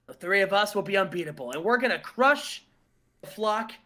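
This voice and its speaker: A man voicing a brash male wrestler boasting about teaming up, in a lowered, tougher tone than his narration. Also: expressive, a little fast, bright, forceful tone. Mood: boastful.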